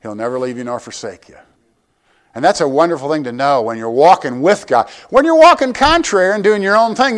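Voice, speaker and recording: An older pastor preaches to his church in a conversational, joking manner, often putting questions straight to the congregation. His voice sits high.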